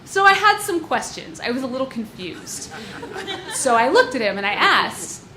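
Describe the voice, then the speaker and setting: A young woman telling a personal story to a live audience on stage, wry and self-mocking, with quick asides, on a stage mic. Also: sits high, sing-song. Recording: echoey live venue with crowd noise.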